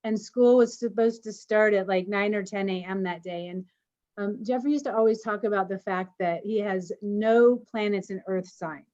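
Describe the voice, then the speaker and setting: A woman co-hosting an online meeting, telling a personal story in an animated way and laughing as she goes. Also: mid-range voice, normal speed. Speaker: co-host of an online community meeting. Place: home, on a video call. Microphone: video call. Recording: slightly dull video call audio.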